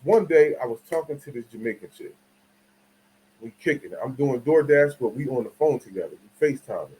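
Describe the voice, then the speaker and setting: A man talking to his audience in a loose, slangy commentary. He tells his story in a roundabout way, breaks off mid-phrase and starts over, and keeps asking whether listeners get his point. His voice sits at an ordinary middle pitch for a man. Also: expressive, fairly quick, a little mellow, slight background noise, rough recording. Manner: rambling, slangy, restarts often; asks the audience for agreement. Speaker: channel host.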